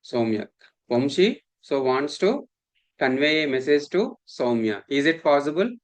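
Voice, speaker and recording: A man's voice: on the high side, sing-song, a little slow. A man, lecturing a class, repeating points and often asking the students if they follow. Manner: repetitive, checks understanding often. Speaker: instructor.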